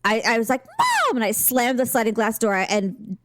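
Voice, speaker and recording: Woman podcast co-host, earnest storyteller, mid-pitched voice on a dry, close mic. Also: normal speed, no room sound. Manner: earnest storyteller, lively when retelling quotes. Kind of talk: casual chat.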